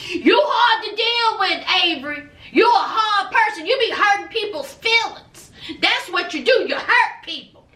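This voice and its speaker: A woman's voice: very high-pitched, expressive, measured pace, sharp tone, roomy sound, exaggerated voice. A woman acting an angry, hurt grown man. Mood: indignant. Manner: indignant complaining.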